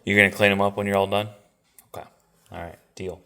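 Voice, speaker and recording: A middle-aged father vlogging casually, coaching his kids and telling family stories in a relaxed way. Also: on the low side, fast talker. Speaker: vlog host and father. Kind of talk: casual family vlog talk.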